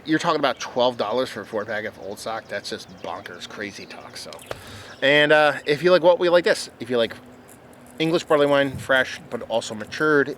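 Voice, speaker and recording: A man's voice: mid-range voice, a bit bright. Male beer reviewer, casual and chatty, talks to camera outdoors and often restarts himself; faint background noise. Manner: rambling, chatty, stumbles and restarts. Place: outdoors at a rural home. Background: birds and outdoor sounds.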